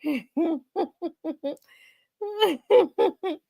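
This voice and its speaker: A woman with a Memphis Southern accent, hosting a livestream in casual chat, rambling and repeating herself and quick to laugh while she reads viewer comments. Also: extremely high pitch, vocal fry, warm tone, no room sound, clean studio sound. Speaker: livestream host.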